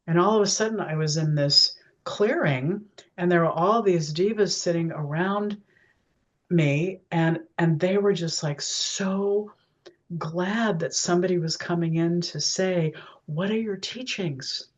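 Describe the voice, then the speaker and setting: A woman's voice: on the low side, unhurried. A woman talking in a casual chat as a guest, chatty and often laughing, with many restarts. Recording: dull lo-fi sound.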